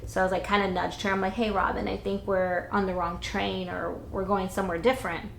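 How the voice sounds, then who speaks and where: A woman's voice: mid-range voice, little pitch movement, fairly quick, gravelly, slight background noise. A young woman vlogger telling a casual, blunt storytime with some swearing, recorded indoors on a camera-mounted mic. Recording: roomy echo.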